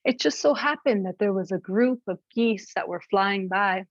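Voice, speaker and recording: A woman from Canada telling a traditional creation story, lively and expressive. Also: mid-range voice, normal speed, few pauses, no room sound. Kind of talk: oral storytelling to an audience. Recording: dull, dry lo-fi recording.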